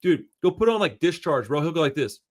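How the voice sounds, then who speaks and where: A man talking fast and excitedly on a podcast, his pitch sitting a little high for a man. He swears freely and drops dude and bro into almost every sentence, in loose, rambling chat. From Houston area. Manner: excitable, profane, says dude and bro a lot. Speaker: podcast host. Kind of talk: casual chat.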